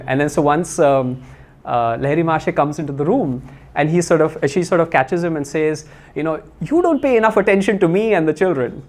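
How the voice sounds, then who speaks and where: A man's voice: fairly high pitch, darkish tone. Man giving a chatty spiritual talk. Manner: conversational, many fillers and restarts.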